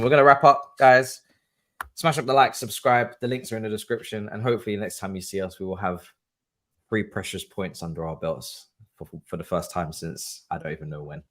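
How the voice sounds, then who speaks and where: Low-voiced male host, laid-back and dry. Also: a bit bright. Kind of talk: casual football chat.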